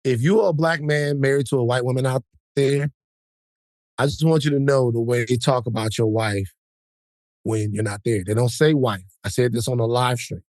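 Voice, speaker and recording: A man's voice: normal speed, no echo. A man cohosting a casual podcast chat, telling stories animatedly and mimicking others. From American South. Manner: animated storytelling, mimicking people with loud high-pitched impressions. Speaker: podcast co-host.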